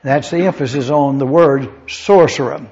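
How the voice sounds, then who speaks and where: A man's voice: mid-range voice, a little slow, a little mellow. A man preaching a Bible-study sermon, going through words one by one and spelling out Greek terms letter by letter. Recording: dull lo-fi sound.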